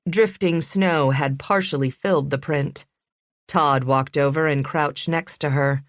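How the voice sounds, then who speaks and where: A woman narrating a suspense audiobook in a measured, even reading. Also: deep voice, no echo, clean studio sound. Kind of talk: scripted narration.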